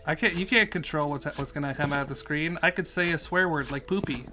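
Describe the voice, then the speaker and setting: With music in the background, a man whose voice sits on the high side talks fairly quickly during a game stream. He reads questions from chat aloud and answers them, keeping the commentary casual and jokey.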